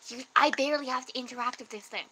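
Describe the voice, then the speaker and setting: Bright-voiced playful woman. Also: sits high, a little hiss or hum, rough recording. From Canada. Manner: playful, joking, quick to laugh. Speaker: guest on a livestream chat. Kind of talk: casual chat.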